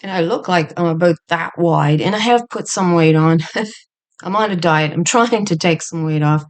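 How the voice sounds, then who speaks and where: Rambling low-voiced woman in her fifties. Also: normal speed. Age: 50s. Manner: rambling, chatty asides. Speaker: bible study teacher. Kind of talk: casual spoken bible study. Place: home, seated in a chair by her desk.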